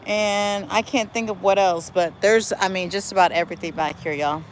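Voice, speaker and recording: A woman's voice: mid-range voice, normal speed, poor audio. Chatty woman streaming from her backyard. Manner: lively, chatty, calls viewers y'all. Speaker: livestream host. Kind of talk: casual live chat reading viewer comments. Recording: faint outdoor noise with traffic.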